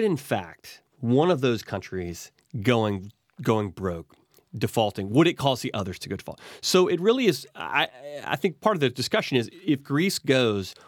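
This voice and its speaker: In a conversational finance interview, a man in his forties, a guest from an investment firm, agrees readily and thinks aloud about markets, restarting often. His mid-range voice is captured in studio quality with no echo.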